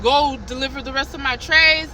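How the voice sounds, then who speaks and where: A woman vlogging from a car, retelling a work story in an animated, heated way with many restarts. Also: high voice, normal speed, slight background noise, low-quality recording. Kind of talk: casual storytime.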